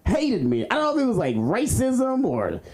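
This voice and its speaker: A man performing an animated, jokey stand-up set at an open mic on a club stage, laughing through his lines. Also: very high voice, moderate pace. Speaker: stand-up comedian. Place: comedy club stage with live audience. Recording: noisy crowd in a club. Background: audience laughter.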